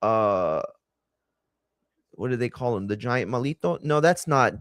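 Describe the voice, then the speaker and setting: A man's voice: mid-range voice, animated, normal speed, a bit bright, no echo, clean studio sound. A man hosting a watch-along stream, chatting casually in a rambling, sarcastic and exasperated way. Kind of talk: casual chat.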